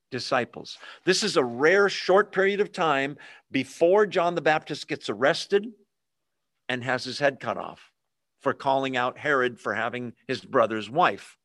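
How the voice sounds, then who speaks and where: A man teaching a sermon in a conversational, animated way, asking listeners questions and acting out quoted voices. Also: mid-range voice, unhurried, no echo, studio quality. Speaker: pastor.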